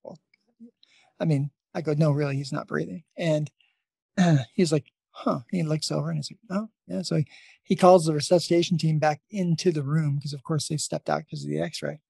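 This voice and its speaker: A man's voice: on the high side, steady tone, moderate pace, gravelly, a little mellow, slightly rough, no room sound. A man who is a nurse and podcast host, telling a long story in a casual, rambling way with many restarts.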